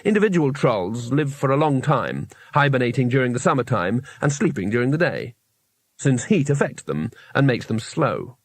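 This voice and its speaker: A man narrating a comic fantasy novel in a measured, dry storytelling manner. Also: mid-range voice, very animated, dry recording. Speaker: audiobook narrator. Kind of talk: scripted narration.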